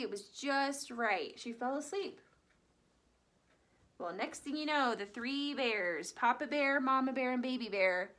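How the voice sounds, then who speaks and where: A woman telling a fairy tale to children, animated and asking her young listeners questions. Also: on the high side. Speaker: children's storyteller. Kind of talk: reading a story aloud to children.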